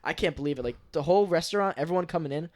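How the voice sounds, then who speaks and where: A man's voice: on the high side, rapid-fire. A man on a podcast telling a rambling work story in casual chat, swearing often and repeating slang fillers. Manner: rambling, swears a lot, peppers talk with "dude". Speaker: podcast co-host.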